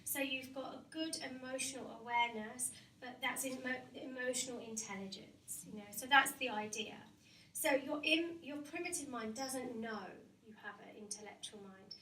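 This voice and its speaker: Woman, high-pitched, chatty hypnotherapy talk to a live audience, roomy distant recording. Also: normal speed, pushed and bright. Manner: chatty, laughs often, asks the audience questions. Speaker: hypnotherapist giving a staff talk. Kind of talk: informal workshop talk. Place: company meeting room with a live audience. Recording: roomy and distant, faint background noise.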